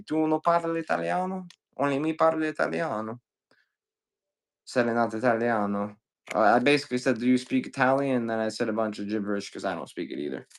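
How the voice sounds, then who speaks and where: A man hosting a live stream that sells video games, chatting casually and cursing freely as he greets viewers one after another. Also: on the low side. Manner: loose and profane, greets viewers rapid-fire. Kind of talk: casual live-selling chat.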